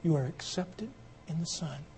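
A man preaching a sermon, telling an illustration story and building it into loud, emphatic appeals. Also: fairly high pitch, normal speed, a little hiss or hum.

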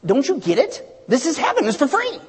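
A preacher voicing heaven's gatekeeper, patient turning exasperated, speaking emphatically. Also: male voice, very high voice, very animated, moderate pace, breathy edge, long reverb tail, exaggerated voice.

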